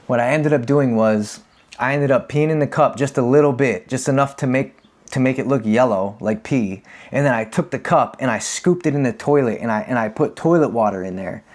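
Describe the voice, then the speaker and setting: Male host, 30s, confessional storytelling, candid and conversational, mid-pitched voice. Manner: candid, animated when acting out quotes. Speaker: podcast host.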